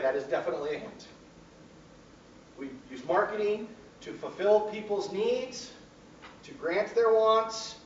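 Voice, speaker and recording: Animated man lecturing in a roomy hall. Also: high-pitched, slight background noise. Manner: animated, bursts into shouted hints. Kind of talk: classroom lecture with anecdotes. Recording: roomy, distant, dull lo-fi sound.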